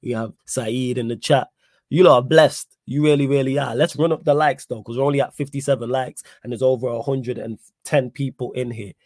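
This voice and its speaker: A young man hosting a casual live-stream podcast, talking in an animated, slangy way and repeating his points for emphasis. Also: medium pitch, brisk, dry recording, studio quality. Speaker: podcast host reading live chat.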